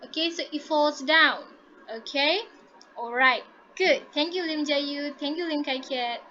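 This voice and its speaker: Bright, high-voiced woman teacher. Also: unhurried, lo-fi sound, slight background noise. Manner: encouraging, models intonation aloud. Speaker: English teacher. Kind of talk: online class teaching.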